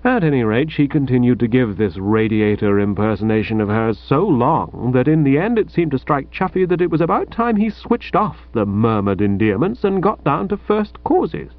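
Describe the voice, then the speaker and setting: Animated man reading a comic novel. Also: mid-range voice, moderate pace, hardly any pauses, no echo, dull audio. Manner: animated, wry, mock-grand storytelling. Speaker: audiobook narrator.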